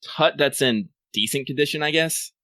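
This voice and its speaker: A man's voice: a little high, normal speed, bright, forceful tone, no echo. A man playing a tabletop game, giving orders to the group in a bossy, impatient way and swearing. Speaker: player. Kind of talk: casual tabletop play.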